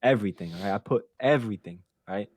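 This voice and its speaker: A man hosting a podcast, telling a story in a casual, animated and profane way, laughing as he goes. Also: on the low side, quick pace, no echo, clean studio sound. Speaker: podcast host.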